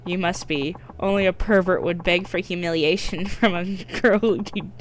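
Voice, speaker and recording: A woman's voice: lowish voice, fairly even intonation, normal speed, natural voice. A woman voicing a scornful young dominatrix. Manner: scornful, commanding. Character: timid young woman turned haughty dominatrix. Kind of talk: reading game dialogue aloud on stream.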